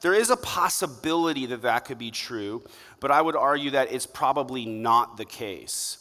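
A man's voice: medium pitch, animated, moderate pace, bright, forceful tone. Man preaching in a reverberant hall. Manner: conversational, jokey, asks the congregation for a show of hands. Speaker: pastor. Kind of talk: sermon. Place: church service hall.

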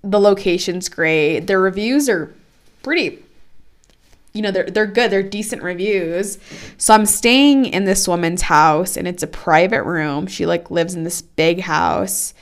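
A woman's voice: fairly low pitch, measured pace. A young adult woman chatting casually as a podcast co-host, telling a story with lots of fillers. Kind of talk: casual chat.

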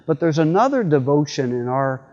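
A middle-aged man, a priest, giving a homily in a church with relaxed, folksy storytelling and frequent fillers. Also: on the high side, brisk, muffled recording. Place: church sanctuary.

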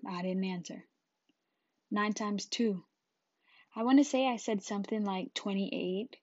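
Woman telling a lively story. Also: medium pitch, dry recording. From Jamaica. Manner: animated, acting out scenes and voices. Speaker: podcast host. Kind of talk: casual storytelling. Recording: dull lo-fi dry recording.

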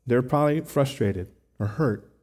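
A man's voice: medium pitch, normal speed, darkish tone. A man preaching a sermon in an earnest, conversational way, talking to the congregation with rhetorical asides. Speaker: pastor.

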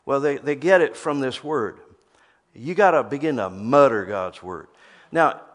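A man preaching a sermon, emphatic, often repeating words as he starts a phrase. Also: medium pitch.

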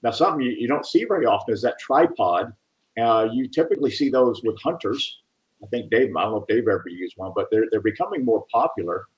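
A man on a police panel, speaking in a matter-of-fact, measured way. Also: mid-range voice, animated, low-quality recording. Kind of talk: casual panel chat.

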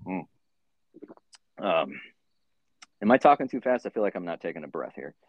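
Low-voiced man rambling a story. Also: very animated, normal speed, husky, no room sound. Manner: rambling, profane, many fillers. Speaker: podcast host. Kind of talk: casual storytelling chat. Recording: dull lo-fi sound.

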